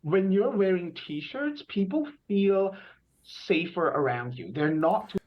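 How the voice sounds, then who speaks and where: A man's voice: high-pitched, expressive, slow pace. Filipino man over dull video-call audio. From Philippines. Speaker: test candidate. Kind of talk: answering speaking-test questions.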